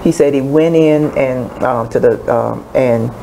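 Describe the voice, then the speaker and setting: Storyteller woman, deep and warm, folksy delivery, faint hiss behind. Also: a little slow, creaky, low-quality recording. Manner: folksy storyteller, voices characters. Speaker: storyteller guest. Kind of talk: oral storytelling on a radio show. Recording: faint background noise.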